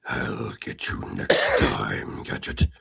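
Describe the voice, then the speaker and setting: A man voicing a menacing male cartoon villain with a gravelly, rumbling voice. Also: slow pace, fairly bright tone, exaggerated voice.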